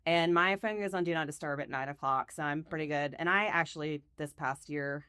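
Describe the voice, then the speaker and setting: A woman's voice: low-pitched, brisk, sharp tone, clean tone, dry recording, clean studio sound. A woman guest on a podcast, chatting casually and telling stories with frequent laughter. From United States. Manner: chatty, storytelling, laughs often. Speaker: podcast guest, real estate team leader. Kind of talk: casual chat.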